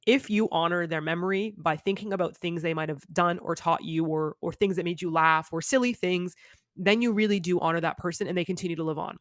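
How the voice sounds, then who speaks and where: A woman's voice: on the low side, fairly even intonation, brisk, no room sound, clean studio sound. A woman guest on a podcast, talking candidly in a chatty, rambling way with many fillers. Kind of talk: candid conversational interview.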